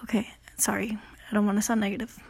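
Speaking quickly and flatly, a late-teen woman rambles through her casual solo podcast, cursing frequently and leaning on "you know" and "I don't know" as fillers. She sounds self-conscious, with a medium-pitched voice that's creaky, slightly rough and darkish.

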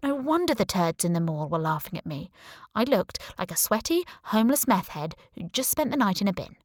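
A woman's voice: lowish voice, expressive, a little fast, no room sound, clean studio sound. A woman reading a first-person story aloud as an audiobook narrator, with a wry, sarcastic delivery.

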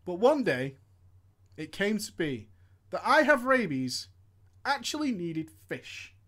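In a slow, high voice, a man comedically works through a gaming story a viewer sent in. He's animated, laughs often and swears freely, breaking off again and again to comment.

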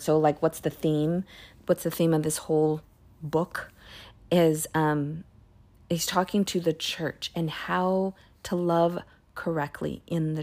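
A woman with a low, mellow voice reads scripture aloud in a relaxed, chatty way. Between passages she muses aloud and slips into quiet whispered asides. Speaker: Bible reading podcaster. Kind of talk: casual Bible reading and commentary.

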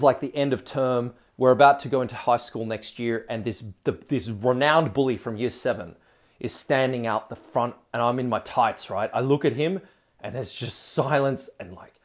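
A man's voice: medium pitch, darkish tone. A man telling a personal story in a casual, chatty way, with frequent asides and laughs.

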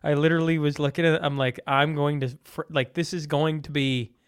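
Joking man with a smooth voice. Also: a little high, level tone, fairly quick. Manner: jokey, laughs often, stumbles and restarts. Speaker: podcast host. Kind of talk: casual comedic chat.

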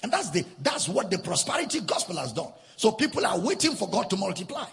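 A man's voice: high voice, big pitch swings, fast, creaky, a bit bright, big-room sound. A man preaching a sermon as a pastor, driving his points home with repetition and sing-song emphasis.

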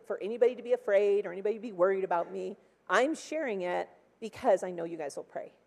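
A woman's voice: mid-range voice, vocal fry, darkish tone, in a large hall. A woman in her sixties giving a personal testimony from a church pulpit, chatty and full of "like" and acted-out quotes. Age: 60s. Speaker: church speaker. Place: large church hall.

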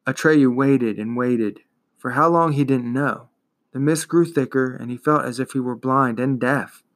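The reader is a man whose pitch sits in the middle range. He performs a fantasy book aloud with steady pacing and expressive storytelling.

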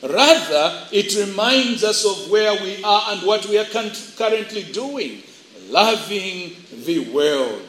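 A high-pitched man delivers a sermon to young people at a slow, deliberate pace. He acts out characters as he tells his stories. The sound carries in an echoey hall. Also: lively intonation, fairly bright tone. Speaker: preacher. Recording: echoey room.

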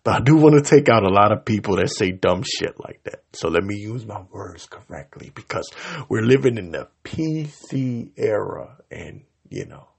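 Podcast host, male, husky voice, furious cursing rant, lively pitch. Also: normal speed. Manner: angry, profane and heated, talking over himself. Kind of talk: ranting solo podcast.

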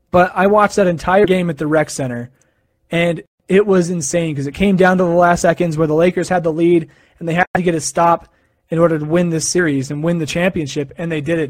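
A man's voice: on the high side, fairly even intonation, normal speed, dry recording. A young man from the United States talking casually and rambling to a live audience, with fillers and self-corrections. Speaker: live stream host. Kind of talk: casual sports chat.

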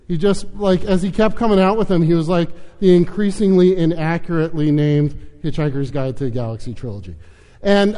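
Chatty pastor in a reverberant hall. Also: male voice, high voice, a little mellow. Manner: casual and chatty, with many fillers. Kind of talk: sermon with storytelling.

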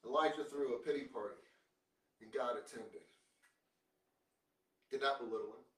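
A male preacher giving a sermon, emphatic, posing rhetorical questions and swinging between quiet and loud. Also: medium pitch, moderate pace, far from the mic. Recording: roomy, from off the mic.

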